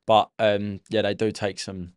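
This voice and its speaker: Low-voiced man in a dry room. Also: little pitch movement, a little slow, smooth, no room sound. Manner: easygoing, affirming, laughs along. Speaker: podcast host, barber. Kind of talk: casual chat.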